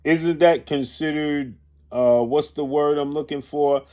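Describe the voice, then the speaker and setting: A man's voice: fairly high pitch, steady tone, dark tone. A man giving opinion commentary on boxing, indignant and firing off rhetorical questions, sometimes stopping to correct himself or search for a word. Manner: pauses to correct himself and grope for words.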